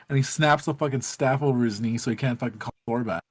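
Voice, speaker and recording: A man's voice: mid-range voice, fast, husky, dry recording. Rambling, profane gaming podcast man. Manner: rambling, profane storytelling with many fillers. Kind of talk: casual group chat.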